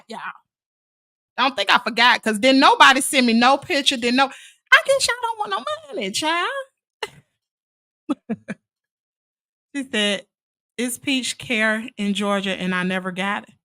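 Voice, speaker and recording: Bright, chatty woman hosting live. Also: sits high, no echo, studio quality. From Mississippi, USA. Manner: chatty and sassy, calls viewers "child" and "honey". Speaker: live stream host. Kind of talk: casual live chat with viewers.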